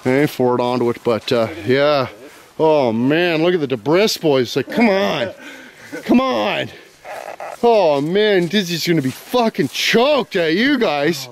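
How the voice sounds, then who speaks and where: A man's voice: on the high side, slow pace. Rowdy, profane man filming friends. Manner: profane, laughing, excitable, calls everyone "boys". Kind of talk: rowdy casual commentary.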